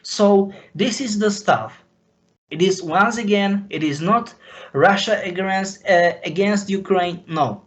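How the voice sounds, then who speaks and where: A man from Slovakia, speaking as an interview guest in a halting, impassioned way. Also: high voice, low-quality recording. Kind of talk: emotional interview talk.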